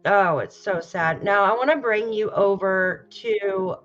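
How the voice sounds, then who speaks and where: A woman hosts a casual livestream and talks in a slow, unhurried way, addressing her viewers and fighting back tears. The audio is dull and lo-fi, and faint music plays behind her. She sighs often between her words. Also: medium pitch, lively intonation. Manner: talks straight to viewers, greets chat. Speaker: true crime livestream host. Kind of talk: casual livestream commentary, reading posts aloud.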